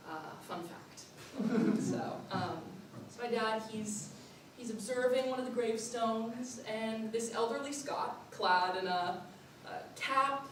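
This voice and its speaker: A woman's voice: on the high side, unhurried, noisy background. Young woman telling a story in a hall. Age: young adult. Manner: playful, animated, laughs often. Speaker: student performer. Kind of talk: theatrical storytelling monologue. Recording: echoey hall from far off.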